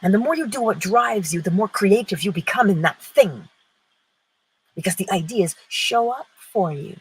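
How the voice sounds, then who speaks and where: Woman host giving an inspirational talk; husky, animated pitch, emphatic delivery. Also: moderate pace, poor audio. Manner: emphatic, asks rhetorical questions and answers them.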